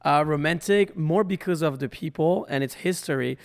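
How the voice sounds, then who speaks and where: A man's voice: fairly high pitch, normal speed, smooth. A man from Paris, co-hosting a casual chat, loose and full of fillers. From Paris, France. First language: French. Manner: loose, many fillers, trails off. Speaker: co-host.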